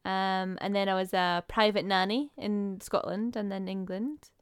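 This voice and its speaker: A woman's voice: medium pitch, fairly even intonation, unhurried, smooth, dry recording, clean studio sound. A woman co-hosting a podcast, chatting casually and rattling off a list with fillers. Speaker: podcast co-host. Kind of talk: casual chat.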